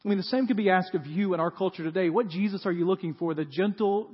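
A man's voice: high-pitched, quick pace, husky. A male pastor giving a conversational sermon, often asking the audience rhetorical questions. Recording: dull sound with long hall reverb.

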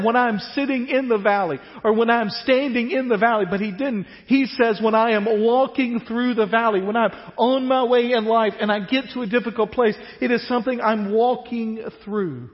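A man preaching a sermon as pastor, animated and dropping to a hush at the ends of phrases. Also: extremely high pitch. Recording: dull reverberant church hall.

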